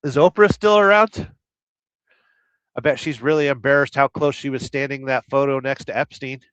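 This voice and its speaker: A man's voice: mid-range voice, level tone, fast talker, a bit bright, clean tone, dry recording. A middle-aged man from Southern California who drives a truck and rambles crudely through viewer comments in a casual live stream, humming nonsense syllables between them. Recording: slightly dull lo-fi sound.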